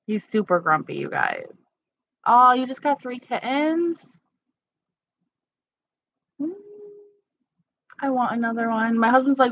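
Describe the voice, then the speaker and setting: Slow-talking chatty woman live-streaming. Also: on the high side, very animated, creaky, no echo. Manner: chatty, frequent laughter, candid. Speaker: livestream host. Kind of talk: casual live-stream chat, answering viewers. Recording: slightly dull lo-fi sound.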